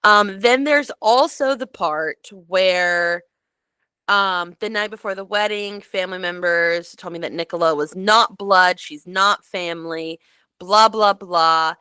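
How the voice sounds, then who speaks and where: A woman co-hosting a podcast, recounting a story in casual chat, animated and full of "like" and "um". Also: mid-range voice, slow pace, clean tone, no echo. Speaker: podcast co-host.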